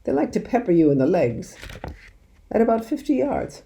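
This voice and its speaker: A woman reading aloud, voicing a lively, mischievous village father who loves poaching and shares his secrets. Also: mid-range voice, normal speed, gravelly, pitched above the performer's own voice. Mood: animated. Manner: animated, conspiratorial, drops to hushed secrecy.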